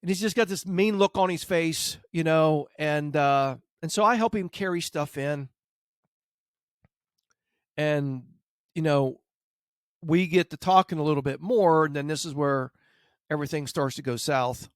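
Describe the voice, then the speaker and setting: A man's voice: a little high, unhurried, long pauses, clear, resonant tone, no echo, clean studio sound. A man who trains dogs, hosting a podcast and telling a casual story, acting out what people said. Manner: animated anecdote, acts out quotes. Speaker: dog trainer, podcast host.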